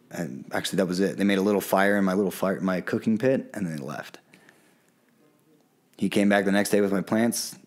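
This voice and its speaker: A man's voice: sits low, a little mellow. A man as a podcast guest, telling a personal story in a candid, earnest way and acting out the voices of people he quotes. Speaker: podcast guest, plant medicine guide. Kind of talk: casual storytelling in an interview.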